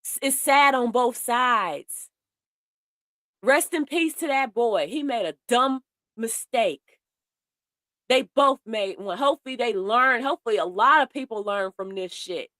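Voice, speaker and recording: A woman's voice: on the high side, lively intonation, unhurried, fairly bright tone, dry recording, clean studio sound. A woman doing heated commentary, blunt and profane, speaking straight to her viewers in a way. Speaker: commentary host. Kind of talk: casual commentary.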